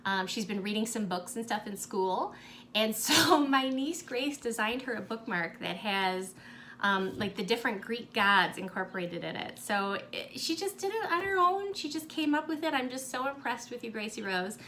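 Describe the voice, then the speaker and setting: A woman's voice: mid-range voice, normal speed, a little hiss or hum. A woman chatting casually to camera as a cross-stitch vlogger, gushing and sentimental, with lots of ums. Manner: gushing, sentimental, warmly grateful.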